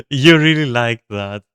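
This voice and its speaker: Bright, crisp-voiced male game streamer. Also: mid-range voice, no room sound, clean studio sound. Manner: rambling, swears often, bursts into laughter. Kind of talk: casual gameplay commentary to chat.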